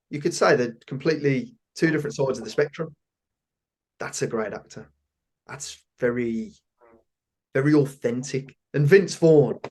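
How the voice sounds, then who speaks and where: A man's voice: on the high side, a little mellow. A British man hosting a podcast interview, talking with enthusiasm and repeating phrases for emphasis. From Britain. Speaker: podcast host. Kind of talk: casual interview chat.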